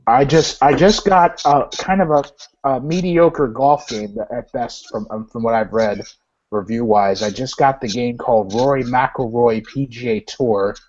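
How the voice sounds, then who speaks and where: A man's voice: mid-range voice, measured pace, darkish tone. A man chatting as a guest on a casual live video call, easygoing and repeating himself. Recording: muffled lo-fi webcam audio.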